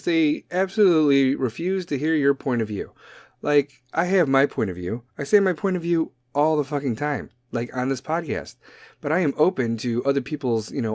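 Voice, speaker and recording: A man's voice: medium pitch, a little mellow, no room sound, studio quality. A man hosting his podcast, delivering a blunt, profane opinion monologue. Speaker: podcast host.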